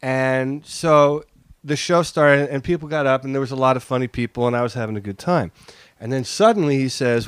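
A man's voice: medium pitch, brisk, clear, resonant tone, no echo. A man telling a long personal story as a guest on a podcast, acting out the lines he quotes. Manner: animated, acts out quoted lines. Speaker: interview guest. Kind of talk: casual storytelling in a podcast interview.

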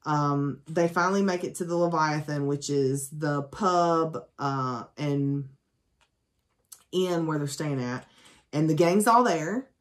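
A woman's voice: deep voice, slow. A woman reviewing a book in a casual, chatty way, full of ums and asides, with sarcastic jokes along the way. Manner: sarcastic, joking. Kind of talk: casual spoken book summary.

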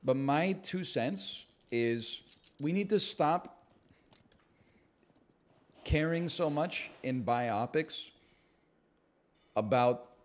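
A man's voice: mid-range voice, a little mellow. A man streaming live, chatting casually in a sarcastic, mock-outraged way that swings into ranting.

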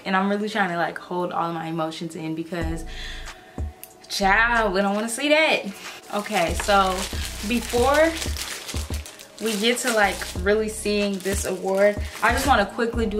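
A woman in her twenties, a YouTuber talking in a gushing, excitable casual vlog, full of "like"s. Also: mid-range voice. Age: 20s.

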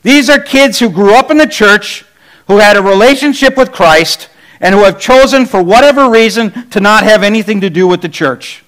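Male pastor, middle-aged, high voice, conversational sermon full of rhetorical questions. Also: moderate pace, a bit bright, low-quality recording.

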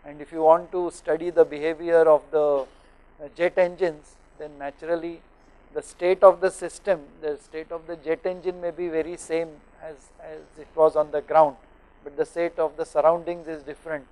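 A middle-aged man from India explaining thermodynamics to teachers in a lecture studio, pausing often with fillers as he works through examples. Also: on the high side, flat delivery, darkish tone, poor audio.

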